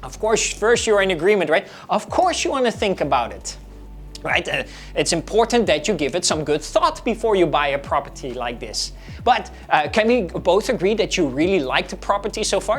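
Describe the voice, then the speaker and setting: Lively woman coaching real estate sales. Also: medium pitch, fairly quick, soft background music. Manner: lively, coaching, acts out both sides of sales conversations. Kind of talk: instructional talk with role-played client dialogue.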